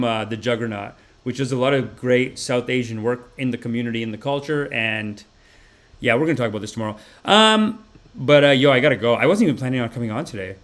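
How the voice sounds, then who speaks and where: A man hosting a live podcast, chatting casually with lots of swearing and tangents. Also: medium pitch. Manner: profane, rambling, animated. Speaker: podcast host. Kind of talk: casual livestream chat.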